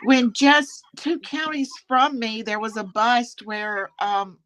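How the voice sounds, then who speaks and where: A chatty woman trades gossip in a casual talk. Her voice is bright and forceful and sits a little high. She laughs easily and talks freely. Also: slow, a little hiss or hum, low-quality recording. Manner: chatty, laughs often, quotes others in put-on voices.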